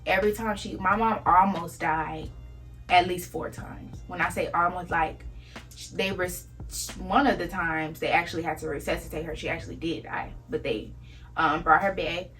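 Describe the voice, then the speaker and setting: A woman in her twenties with a Southern accent speaks with a bright, forward tone. She tells a heartfelt personal story in a plain, conversational way and sometimes drops to a hushed, breathy near-whisper. There is faint music behind her. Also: on the low side, steady tone, moderate pace, poor audio. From Savannah, Georgia. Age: 20s. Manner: candid, conversational, drops to soft near-whispers at painful moments. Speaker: vlogger.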